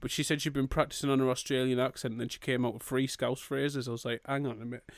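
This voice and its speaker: A man's voice: medium pitch, flat delivery, gravelly, no echo, clean studio sound. Joking, sweary man on a podcast. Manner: joking, sweary, quick to laugh. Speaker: podcast co-host. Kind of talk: casual comedic chat.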